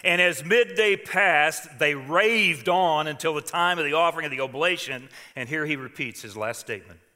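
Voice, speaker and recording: Older male pastor, dramatic sermon delivery, bright tone in a reverberant hall. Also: on the high side, normal speed. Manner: dramatic scripture reading, swings from hushed to loud.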